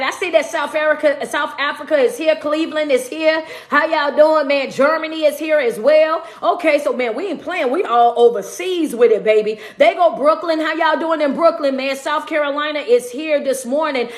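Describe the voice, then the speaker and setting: High-pitched hype woman on a livestream. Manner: energetic, hype, shouting out viewers. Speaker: motivational speaker and life coach. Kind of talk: livestream greeting viewers and motivational talk. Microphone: phone livestream. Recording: echoey room.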